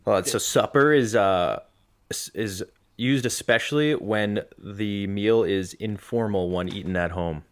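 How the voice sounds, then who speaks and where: A man's voice: on the low side, a little slow, smooth. A man co-hosting a podcast in casual chat, joking and rambling with restarts. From Massachusetts. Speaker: podcast co-host.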